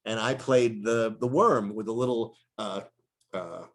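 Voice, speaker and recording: Middle-aged voice actor guy chatting away, lowish voice, lively storyteller. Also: measured pace. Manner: animated storyteller who drops into character voices. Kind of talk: casual interview chat.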